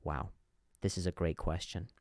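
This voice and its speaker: A man's voice: sits low, fairly even intonation, moderate pace, no room sound, studio quality. A man hosting a comedy podcast, telling stories in a monologue, with a stutter and frequent repeated words and restarts.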